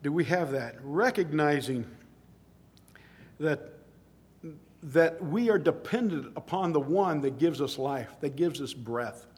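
A man's voice: fairly high pitch, animated, slow, pauses often, a little mellow. A middle-aged man preaching a sermon in a conversational way, telling stories and rising to emphatic exclamations.

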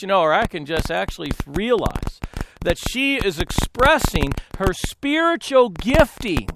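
With an extremely high-pitched voice, a man speaking as a pastor animatedly tells stories, often breaking into laughter and performing the voices of the people involved. The background is noisy.

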